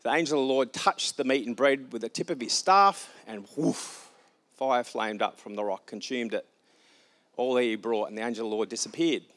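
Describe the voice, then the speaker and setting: A man's voice: mid-range voice, normal speed, fairly bright tone. Casual man retelling a scripture story. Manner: casual, with asides and light humor. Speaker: preacher.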